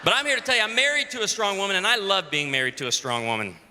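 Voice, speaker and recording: A man in his forties preaching from a stage, his voice high and very bright as he throws out quick jokes and calls to the crowd. It rings with a long hall echo over a faint ambient hum. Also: animated. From Illinois. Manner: joking, punchy, calls out to the audience. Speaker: pastor speaking at a women's conference. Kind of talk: humorous conference sermon. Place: large convention hall.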